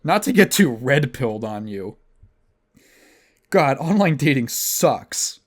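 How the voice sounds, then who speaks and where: A man's voice: medium pitch, big pitch swings, takes it slowly. A young man hosting a podcast, telling a rambling, profane, self-mocking story in casual chat. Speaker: podcast host.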